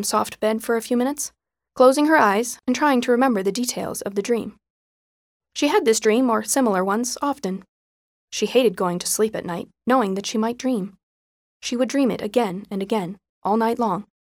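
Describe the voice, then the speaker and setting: A woman reading a novel aloud in a measured storytelling voice, hushed in tense passages. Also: medium pitch, dry recording, studio quality. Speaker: narrator. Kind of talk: scripted audiobook narration.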